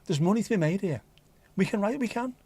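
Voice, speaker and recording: A man's voice: high-pitched, lively intonation, fast talker, a little mellow, slight background noise. A man with a mild Scouse accent hosting a casual livestream chat, joking and rambling cheekily. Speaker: livestream host.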